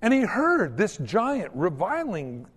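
A man preaching a sermon as a pastor, telling stories in a folksy, animated way. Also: high-pitched, slow, husky, big-room sound. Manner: animated, folksy storytelling with mock old-English prayers.

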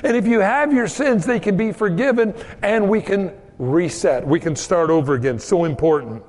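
A man preaching a sermon in a relaxed, conversational way, telling homespun stories about kids and doing quick voices for the people in them. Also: sits high, long reverb tail. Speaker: pastor.

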